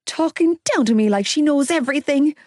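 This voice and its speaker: A woman's voice: high-pitched, animated, fairly quick, darkish tone, dry recording, studio quality, pitched above the performer's own voice. A woman doing a wailing, panicky lad. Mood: panicked, whining. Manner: wailing, whiny and exasperated. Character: panicky young Irish man, driving, whining.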